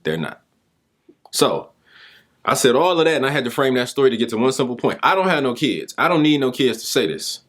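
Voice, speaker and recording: A young adult man giving a motivational talk, telling a story in an animated, informal way. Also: a little fast. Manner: animated, informal, pitch jumps with emphasis. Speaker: speaker and mentor.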